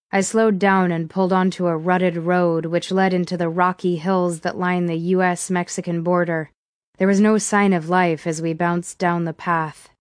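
A woman reading a first-person thriller audiobook in a steady, measured way. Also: lowish voice, no room sound, clean studio sound. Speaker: audiobook narrator.

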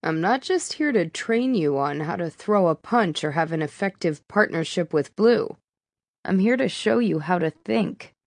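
A woman voicing a calm, sarcastic male mentor in an audiobook, teasing and unhurried. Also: lowish voice, gravelly, no room sound, clean studio sound. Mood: calm instructive. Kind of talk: audiobook character reading.

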